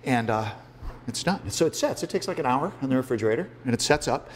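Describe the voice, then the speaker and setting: A man's voice: mid-range voice, animated, fast talker, slight background noise. A man demonstrating a no-bake pie recipe as a guest cook on a TV morning show, joking and talking through each step with fillers. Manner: chatty, joking, talks through steps with fillers. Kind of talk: casual cooking demo. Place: TV studio kitchen.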